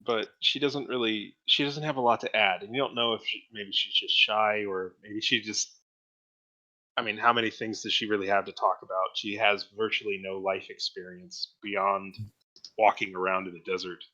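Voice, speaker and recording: A man narrating as game master in a relaxed, hesitant way with many fillers. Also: on the low side, moderate pace, dull audio.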